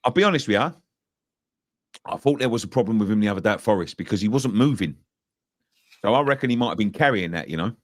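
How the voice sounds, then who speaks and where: A man's voice: fairly low pitch, expressive, fast talker, long pauses, dry recording. A man co-hosting a football fan show, making his points emphatically and repeating himself for stress. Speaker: fan channel co-host. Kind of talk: casual football opinion chat.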